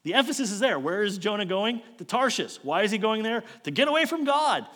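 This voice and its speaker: A man preaching a sermon as a storyteller, posing rhetorical questions and moving between loud emphasis and quiet asides. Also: sits high, sing-song, fairly quick. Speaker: pastor. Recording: long hall reverb.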